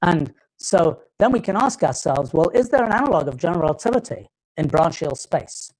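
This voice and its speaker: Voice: medium pitch, sing-song, fairly quick, a little mellow, low-quality recording. A lecturer with a British accent giving a live technical talk, often stopping and restarting phrases while thinking aloud.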